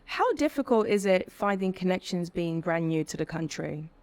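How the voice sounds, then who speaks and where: A woman's voice: on the low side, expressive, normal speed, a little mellow. Woman interviewer with brief questions.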